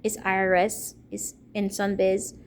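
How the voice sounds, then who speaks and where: A woman's voice: mid-range voice, little pitch movement, unhurried. A young adult woman talking earnestly to camera in a rambling personal testimony, with a faint hiss behind her. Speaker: vlogger speaking to camera. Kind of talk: personal testimony and religious appeal.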